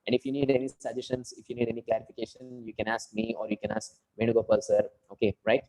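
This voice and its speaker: A man's voice: medium pitch, monotone, quick pace, darkish tone, poor audio. A man with an Indian English accent giving feedback as a speaking coach in an online class. He talks over a video call and explains at length, often saying "you know" and "okay, right.".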